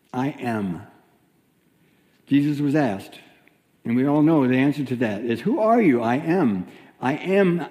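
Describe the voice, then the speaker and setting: Mellow-voiced minister in a reverberant sanctuary. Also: male voice, mid-range voice. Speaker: minister giving a lesson. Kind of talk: sermon.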